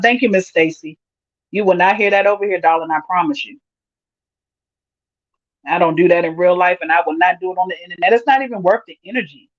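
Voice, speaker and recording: A woman's voice: fairly low pitch, fairly quick, long pauses, no echo. A chatty woman with a drawl hosts a casual livestream, reading out her viewers' comments and breaking into frequent laughter. The sound is dry and slightly dull, from a lo-fi mic. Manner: laughs often, reads viewer comments aloud, Southern US slang. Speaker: livestream host reading chat.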